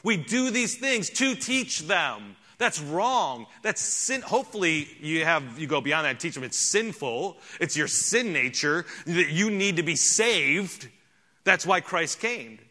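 Emphatic high-voiced male pastor preaching. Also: very animated, measured pace, sharp tone. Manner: emphatic, rhetorical questions and repeated words. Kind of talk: sermon. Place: church.

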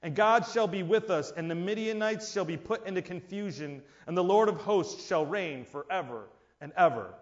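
A man preaching a sermon, animated and dramatic, acting out imagined voices and swinging between loud and hushed. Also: sits high, normal speed, few pauses. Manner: animated, acts out voices, rises and drops in volume. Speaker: pastor. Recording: dull lo-fi sound.

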